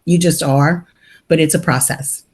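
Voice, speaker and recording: A woman's voice: sits low, steady tone, a little slow, slightly rough. A middle-aged woman speaking candidly and with humor on a group video call, sharing her own layoff experience. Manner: candid, talkative, joking. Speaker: laid-off operations worker sharing in a support group.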